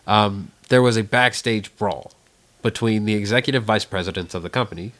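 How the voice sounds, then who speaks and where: A man's voice: lowish voice, normal speed, a bit bright. A man co-hosting a casual podcast chat, explaining things at length in a lecturing way. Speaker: podcast co-host.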